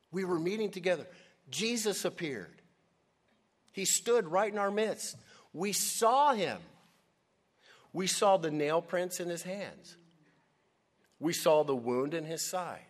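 A man acting out a group of excited male disciples who are breathless and insistent, voicing them during a sermon. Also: mid-range voice, gravelly, slightly rough, exaggerated voice.

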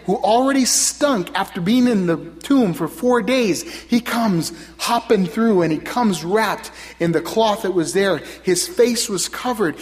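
A man preaching a sermon, earnest and building to loud, emphatic passages. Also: high voice. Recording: long hall reverb.

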